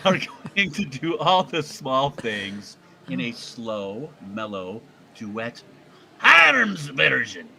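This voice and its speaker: A man's voice: medium pitch, sing-song, drawn-out words, creaky, pushed and bright, a little hiss or hum. A man co-hosting a casual live-stream show, joking and often stumbling over repeated words. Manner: jokey, stammers and repeats words. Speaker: co-host.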